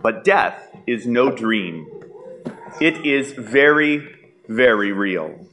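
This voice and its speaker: Slow, lively-voiced male preacher. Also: mid-range voice, slight background noise. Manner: slow, deliberate preaching with dramatic pauses. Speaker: pastor. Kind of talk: sermon.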